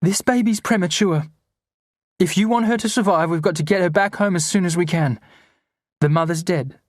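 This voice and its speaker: A man voicing a gentle, firm woman. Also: moderate pace, no room sound, clean studio sound, natural voice. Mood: urgent. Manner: gentle, raised pitch. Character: gentle but firm woman caring for a baby.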